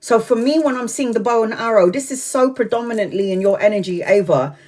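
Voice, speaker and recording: A woman's voice: on the high side, fairly quick, a little mellow. A woman giving a live-streamed tarot reading, talking frankly, swearing freely, laughing often and drifting off on tangents. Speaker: tarot reader.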